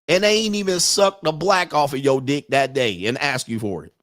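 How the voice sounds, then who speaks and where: A man's voice: on the high side, normal speed, fairly bright tone, no echo. Guy ranting on his livestream, cussing a lot, mocking tone, dry close sound. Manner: profane, mocking, often laughs. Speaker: host of a dating and lifestyle livestream. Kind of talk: livestream commentary rant.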